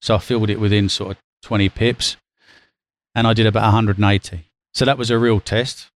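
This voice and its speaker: Man guest, former trader, animated storyteller, dry close recording. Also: lowish voice, fairly quick, dry recording. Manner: lively, acts out quotes, laughs while telling. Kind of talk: casual anecdotal storytelling.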